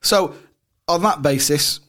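A man's voice: fairly high pitch, takes it slowly, sharp tone. A man co-hosting a football podcast, chatting casually with banter and jokes. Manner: joking, banter-filled. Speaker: podcast co-host.

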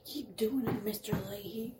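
A woman's voice: mid-range voice, fairly even intonation, moderate pace, a crowd in the background. A woman co-hosting a podcast in casual chat, teasing and giggly. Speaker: podcast co-host.

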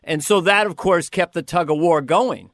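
A man, a guest comedian in a casual interview, telling lively anecdotes and slipping into quick character voices. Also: a little high, no room sound, clean studio sound.

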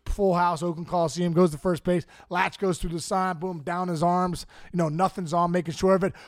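A middle-aged man, a former ballplayer, telling an anecdote in rapid-fire style and acting out the characters. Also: sits high, flat delivery, dry recording, clean studio sound. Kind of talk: animated anecdote storytelling.

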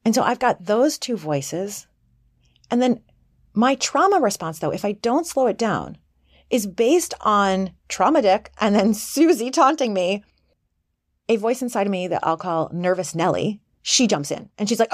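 A woman's voice: fairly high pitch, expressive, moderate pace, no echo. Casual woman coach, dry close sound. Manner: conversational, acts out quoted voices. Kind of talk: casual self-help talk.

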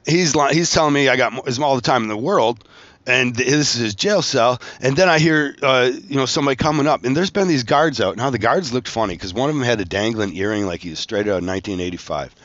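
A man's voice: mid-range voice, lively intonation, fast talker, a bit bright, no room sound, highs cut off. A man hosting his own show, telling a rambling, profane story with frequent laughs. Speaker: podcast host, tattoo artist. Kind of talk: casual storytelling monologue.

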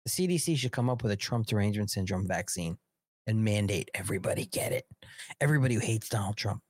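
A man's voice: lowish voice, animated, quick pace, darkish tone, no echo. Sarcastic man ranting on a live show. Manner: heated, sarcastic, profane ranting. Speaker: host of a political live show. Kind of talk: political commentary livestream.

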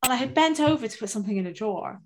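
A woman's voice: fairly high pitch, animated, rapid-fire, darkish tone. A woman, co-hosting a casual chat and telling rambling, self-mocking stories with plenty of swearing. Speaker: podcast co-host.

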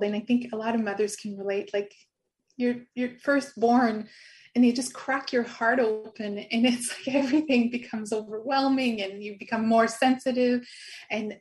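A middle-aged woman telling a personal story in an interview, earnest and laughing often. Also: medium pitch. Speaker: guest.

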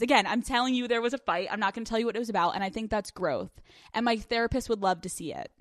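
A woman's voice: a little high, expressive, quick pace, no room sound, clean studio sound. Crude, candid young woman podcaster. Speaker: podcast host. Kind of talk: casual solo podcast chat.

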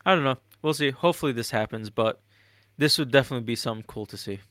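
A relaxed young man co-hosts a casual podcast and reads out entertainment headlines in an easy, unhurried way. His pitch sits in the middle, and the room sounds dry. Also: dry recording. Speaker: podcast co-host. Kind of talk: casual news chat.

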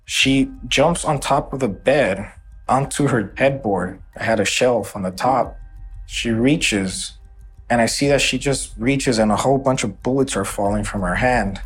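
A man giving emotional first-person testimony in a documentary interview. His voice sits in an ordinary middle pitch, and his telling stays earnest throughout. Faint music runs underneath. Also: unhurried. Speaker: interviewee recounting a shooting.

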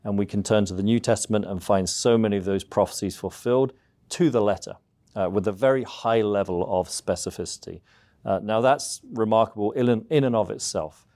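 A man from southeast England with an English accent, a seminary professor answering interview questions in a measured, explanatory way. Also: fairly low pitch, darkish tone. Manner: measured, explanatory, frequent "uh" fillers.

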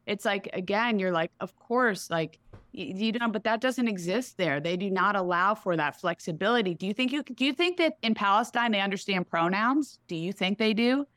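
A woman's voice: mid-range voice, expressive, normal speed, fairly bright tone, no echo. A woman, a real estate executive talking candidly in an interview, blunt and emphatic, speaking in run-on bursts.

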